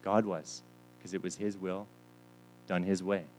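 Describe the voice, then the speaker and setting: A man's voice: deep voice, level tone, a little slow, a little mellow, soft background music, low-quality recording. A man preaching a sermon, telling stories and acting out the lines of the people in them. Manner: storytelling with quoted voices, repeats words. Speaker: pastor.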